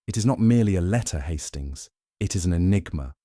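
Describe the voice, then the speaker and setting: A man voicing a fastidious little detective with a French accent, speaking softly but with precise authority in a storybook reading. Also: low-pitched, animated, no room sound, studio quality. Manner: soft but commanding, precise. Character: fastidious little male Belgian detective, commanding.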